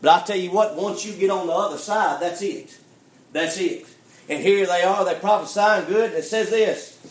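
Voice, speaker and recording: High-voiced preacher in an echoey church. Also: male voice, normal speed. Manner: preaching with call-and-response, repeats "friend" and "why?". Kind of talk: fiery sermon. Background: congregation calling amen.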